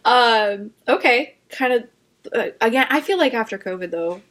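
A woman's voice: on the high side, animated, normal speed, fairly bright tone. A young woman co-hosting a podcast, chatting casually and reflecting on her friend's story. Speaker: podcast co-host. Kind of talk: casual chat.

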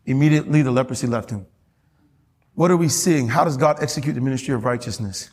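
A man's voice: mid-range voice, fast, darkish tone, slightly rough. A man preaching a sermon as pastor, often asking the congregation questions and waiting for their response. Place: church hall. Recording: long hall reverb.

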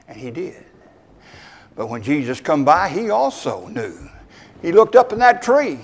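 A high-pitched male pastor preaches a folksy sermon. He talks straight to his congregation and trades quick asides with them. His voice carries a long reverb from the church hall. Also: big pitch swings, vocal fry.

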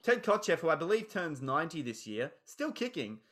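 A man's voice: a little high, sing-song, a little fast, fairly bright tone. A man hosting a casual film podcast, talking enthusiastically and rambling. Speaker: podcast host.

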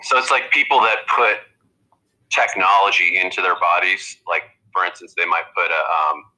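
A low-pitched man in casual podcast conversation, his voice bright and forceful. He rambles and restarts his sentences as he goes. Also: fairly even intonation, low-quality recording. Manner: rambling, halting with many restarts. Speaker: guest comedian.

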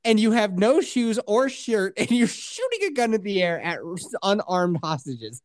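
A woman co-host recaps a movie in a loose, profane chat, her pitch leaping around as she tells it. The sound is dry and close, with no room around her voice. Her tone stays conversational throughout. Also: moderate pace, dry recording. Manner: animated, profane retelling with acted-out quotes. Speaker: podcast co-host. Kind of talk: casual chat, movie review.

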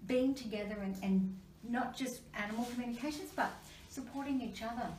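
Woman, animal communicator, animated storyteller, echoey room, faint background hiss. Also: fairly high pitch, a little fast. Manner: chatty, animated storyteller with many restarts. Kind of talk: casual conversation. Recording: roomy, distant mic with faint background noise.

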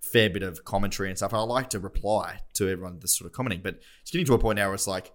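A man's voice: low voice, very fast, fairly bright tone. A young man, co-hosting a podcast in casual, self-deprecating chat. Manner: self-deprecating, rambling with restarts. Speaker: podcast co-host.

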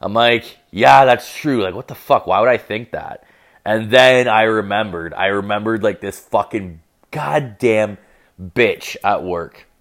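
A man's voice: lowish voice, a little slow, fairly bright tone. A young man telling a profane, rambling story as a rant, full of fillers and crude asides.

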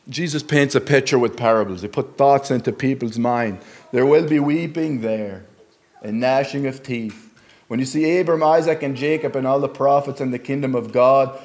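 Earnest plain-spoken man preaching. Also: mid-range voice. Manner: earnest, halting, plain-spoken, with restarts and rising emphasis on quoted Scripture. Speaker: lay preacher. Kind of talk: sermon. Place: church service.

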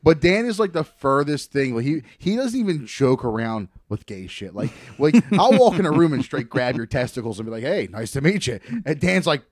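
A man's voice: medium pitch, very animated, brisk, hardly any pauses, no room sound, clean studio sound. Sarcastic joking man in podcast banter. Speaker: podcast co-host. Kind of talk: casual banter.

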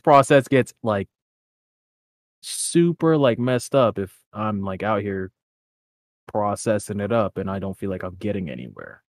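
Laid-back slangy young man, low voice. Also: expressive, measured pace, dry recording, studio quality. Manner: laid-back and slangy, heavy on filler words. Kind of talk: casual chat.

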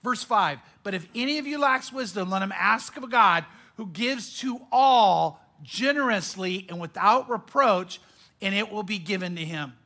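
Male pastor, high bright voice, emphatic sermon delivery with repetition. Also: lively intonation. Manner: emphatic preaching with dramatic pauses and repetition.

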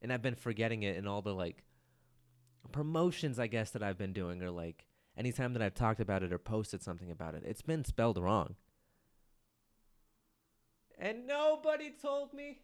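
A man with a slightly low voice talks through his solo podcast in a loose, rambling way. He pokes fun at himself, swears casually and keeps calling the listener "dude.". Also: fast, hardly any pauses, clear, resonant tone. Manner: rambling and self-mocking, swears and says "dude" often. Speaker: podcast host.

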